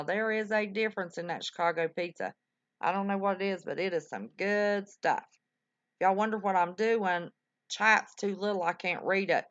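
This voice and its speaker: A woman's voice: on the low side, dull audio. An older woman, chatting folksily with her livestream viewers, full of exclamations. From West Virginia. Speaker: livestream host. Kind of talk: casual chat with live viewers.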